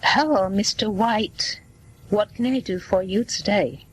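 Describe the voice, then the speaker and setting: A woman's voice: medium pitch, husky, low-quality recording. A woman reading as a kindly family doctor. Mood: reassuring. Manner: slow, plain reading voice. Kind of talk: scripted dialogue for learners.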